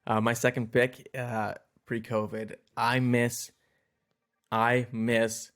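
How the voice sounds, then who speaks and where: A man's voice: mid-range voice, little pitch movement, slow pace, fairly bright tone. A man co-hosting a podcast in casual chat, easygoing and joking, agreeing readily. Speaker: podcast co-host.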